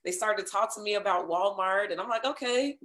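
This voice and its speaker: A woman voiceover artist telling her career story in a casual interview, animated and acting out what people said. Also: mid-range voice, fast talker. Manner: animated, acts out quoted dialogue.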